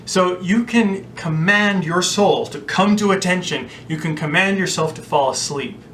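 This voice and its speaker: A man's voice: measured pace, a bit bright. A man giving a casual, chatty teaching talk on prayer, full of anecdotes and "like". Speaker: spiritual teacher. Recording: distant mic with faint rumble.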